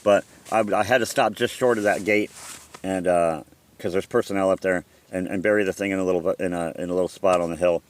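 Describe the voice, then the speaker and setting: A man's voice: low voice, steady tone, a little fast. A middle-aged man from Southern California telling a personal story in a casual, profane, rambling way, full of restarts and quoted dialogue.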